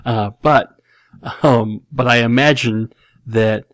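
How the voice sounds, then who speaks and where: Taking things slowly, this forties-aged host reads listener questions and rambles through his answers, chuckling often and making fun of himself. He has a mid-range, fairly bright voice, recorded without room sound.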